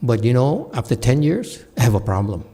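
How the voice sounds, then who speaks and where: A man voicing a calm homeless man who speaks quietly and plainly. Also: mid-range voice, a little fast, slightly rough. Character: calm homeless man, middle-aged, matter-of-fact.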